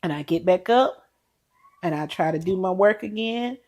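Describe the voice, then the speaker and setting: Lowish woman voice, earnest emotional storytelling on a chat podcast. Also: normal speed, darkish tone. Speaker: podcast co-host. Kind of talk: heartfelt casual chat.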